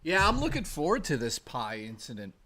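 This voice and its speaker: A man livestreaming in casual chat, rowdy and profane, thanking chat and joking excitedly. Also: fairly high pitch, brisk. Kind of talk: casual live-stream chat.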